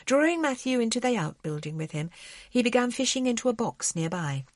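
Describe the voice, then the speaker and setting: A woman narrating an audiobook in a measured way, slowing on grave passages. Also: a little high, very animated, no room sound, studio quality. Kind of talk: scripted narration.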